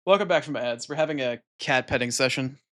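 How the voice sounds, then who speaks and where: A man streaming a video game, chatting casually into a desk microphone and cooing softly to his cat. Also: medium pitch, brisk. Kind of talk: casual live-stream chat.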